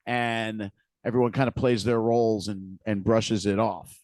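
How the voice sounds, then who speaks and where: A man's voice: on the low side, flat delivery, unhurried, darkish tone, dry recording. A man co-hosting a podcast, casually retelling scenes with frequent restarts and repeated words. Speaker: podcast co-host. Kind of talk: casual recap chat.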